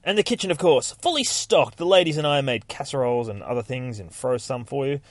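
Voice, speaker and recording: An eager, fussing churchwoman who won't stop offering help, her voice pushed up high, as a man puts her on. Dry, close sound with no room around it. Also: expressive, a little fast, no echo, lightly acted. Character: fussy middle-aged churchwoman, pushy helper.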